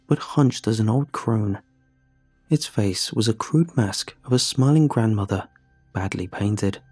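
A man narrating a horror story in a measured, somber way. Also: on the low side, dark tone, breathy edge, no room sound.

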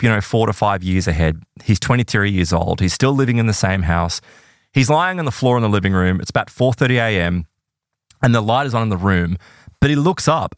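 A man's voice: mid-range voice, dry recording, studio quality. A man hosting a podcast, retelling a paranormal encounter in a casual, dramatic way with plenty of filler words.

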